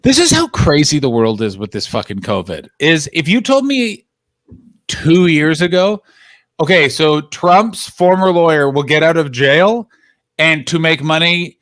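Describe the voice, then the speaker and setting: A man co-hosting a live stream in casual chat, animated and profane, laughing often. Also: on the high side, unhurried. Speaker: stream co-host.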